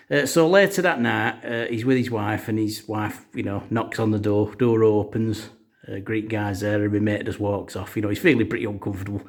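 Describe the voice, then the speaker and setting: A man's voice: on the low side, fairly even intonation, fairly quick. A man telling a comic story, rambling with lots of fillers.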